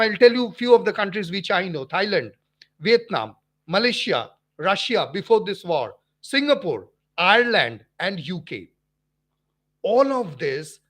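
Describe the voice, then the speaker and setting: High-voiced Indian man, emphatic livestream talk. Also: fairly bright tone. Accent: Indian English. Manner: emphatic and repetitive, with frequent fillers and restarts. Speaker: physics teacher and channel host. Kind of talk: livestream talk answering viewer comments.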